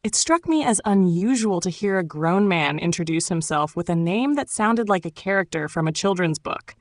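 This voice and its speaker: A woman reads her own memoir aloud, unhurried and reflective. Her voice sits on the lower side, and the audiobook recording is close and dry, with no room sound. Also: no room sound. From Turkey. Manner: calm, reflective storytelling.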